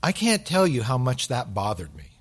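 A pastor preaching a sermon to his church, swinging from loud emphatic bursts to hushed asides. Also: mid-range voice, huge pitch swings, moderate pace, husky.

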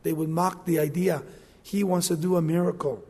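Male preacher, high voice, animated sermon delivery, acts out scenes, big reverberant hall. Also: moderate pace, husky.

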